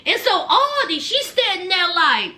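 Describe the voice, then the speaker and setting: Sassy woman with a very high voice. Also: big pitch swings, a little slow, bright, forceful tone. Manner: sassy, teasing, addresses viewers as honey and child. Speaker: reality show recapper. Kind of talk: casual show recap.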